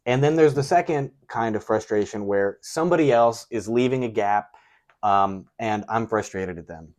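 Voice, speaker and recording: A man's voice: fairly low pitch, normal speed, darkish tone. A man hosting an interview, speaking in a reflective, coaching manner, paraphrasing his guest back to him with frequent "um"s. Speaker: interview host. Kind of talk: casual interview talk.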